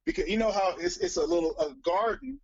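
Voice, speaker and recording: Man, storyteller type, profane and animated, husky tone, lo-fi audio. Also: high voice, brisk. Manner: profane, animated, acts out quoted voices. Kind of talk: casual storytelling chat.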